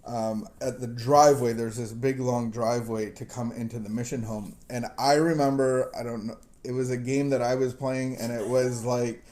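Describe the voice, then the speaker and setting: A former missionary kid who spent part of his upbringing in Southeast Asia hosts a recovery podcast, his mid-range voice warm. He rambles through casual stories, laughing at himself, chuckling, and starting sentences over.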